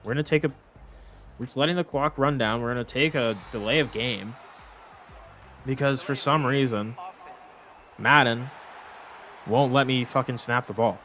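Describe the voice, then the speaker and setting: A man's voice: mid-range voice, moderate pace, long pauses, sharp tone, faint music behind. A young man commentating his own football video game, exasperated and swearing as he rambles through complaints. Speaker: gaming commentator. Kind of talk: frustrated gameplay commentary.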